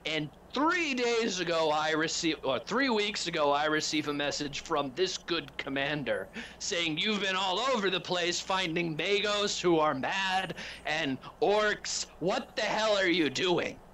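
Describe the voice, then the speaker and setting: A man's voice: a little high, unhurried, hardly any pauses, bright, forceful tone, a little hiss or hum, pitched above the performer's own voice. A man voicing a stern male Inquisitor who scolds his subordinates. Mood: scolding. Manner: scolding, commanding.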